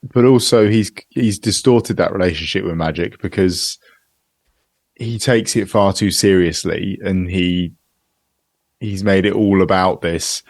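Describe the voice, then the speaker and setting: A man's voice: sits low, unhurried, no echo. A man co-hosting a podcast in casual chat, analytical and given to dry short quips. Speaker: podcast co-host.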